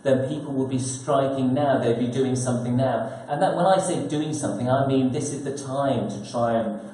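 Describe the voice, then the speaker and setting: A man's voice: mid-range voice, moderate pace, mellow. A man, an author, giving a thoughtful talk at a press conference and posing rhetorical questions. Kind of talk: prepared talk to an audience. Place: conference hall. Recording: very echoey conference room.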